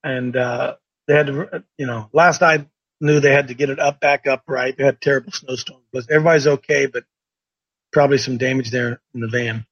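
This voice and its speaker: A man's voice: medium pitch, fairly even intonation, a little fast, a bit bright, husky, no echo. Rambling folksy male host, dull sound. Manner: rambling, folksy, self-interrupting. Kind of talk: casual livestream chat.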